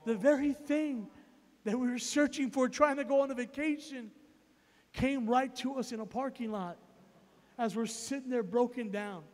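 High-voiced preacher man in a reverberant hall. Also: moderate pace. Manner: emphatic, repetitive, builds to loud peaks. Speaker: evangelist preacher. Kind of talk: sermon storytelling.

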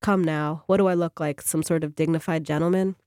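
A woman's voice: deep voice, fairly even intonation, fairly quick, a little mellow, no room sound, studio quality, close to an everyday voice. A woman voicing a brash, dismissive teenage boy in her story, with an offhand, mocking delivery.

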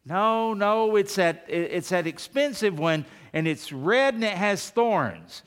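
A forgetful, excitable man, put on by a preacher telling a joke, gushes and fumbles for words. His voice sits a little high. The long hall reverb hangs on every line. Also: slow, clear, resonant tone, full character voice. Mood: fumbling.

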